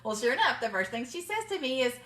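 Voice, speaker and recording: A woman's voice: fairly high pitch, big pitch swings, fast talker, a bit bright, echoey room. A middle-aged woman, telling a story to her viewers in a chatty, emphatic way and calling them y'all. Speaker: vlogger giving business mindset advice. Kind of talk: casual storytelling to camera.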